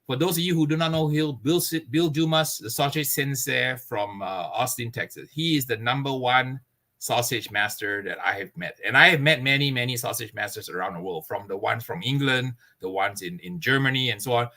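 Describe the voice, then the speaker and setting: An earnest man with a bright, forceful voice talks expansively as an interview guest. He sits at a middle pitch and breaks into laughter now and then. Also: moderate pace. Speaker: barbecue pitmaster guest. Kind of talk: casual interview chat.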